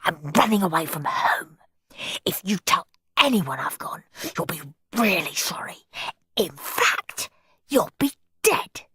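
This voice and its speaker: A woman's voice: mid-range voice, expressive, measured pace, a little hiss or hum, close to an everyday voice. A woman voicing a bratty, scheming schoolboy who talks fiercely and cheekily. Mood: defiant.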